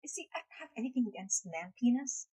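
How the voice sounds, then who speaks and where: A woman's voice: a little high, animated, fast talker, mellow, slightly rough, poor audio. A woman live streaming in casual chat, playful and blunt, swearing freely, speaking English as a second language. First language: not English.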